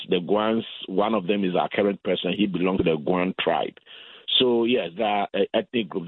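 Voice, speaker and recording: A man from Ghana, a guest in an interview, explaining his points in a measured way and often repeating words. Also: low voice, husky, no echo. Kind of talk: interview over the phone. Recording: tinny phone line.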